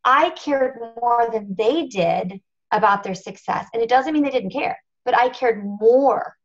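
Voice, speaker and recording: On a team conference call, a national marketing director tells her own story as a motivational talk, earnest and confessional, driving points home through repetition. Her voice is a little high and measured in pace, with the highs cut off in the recording.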